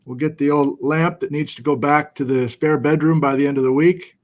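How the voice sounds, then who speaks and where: A man's voice: on the high side, fairly even intonation, a little fast. Chatty man hosting a livestream. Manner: chatty, self-deprecating, reads viewer locations aloud. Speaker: livestream host. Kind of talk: casual livestream chat. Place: home studio with document camera.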